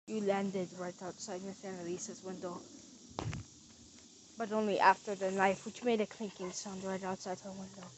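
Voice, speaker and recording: A woman's voice: mid-range voice, flat delivery, moderate pace, background noise. A woman narrating a mystery reveal, theatrically accusing the culprit as she retraces the crime step by step.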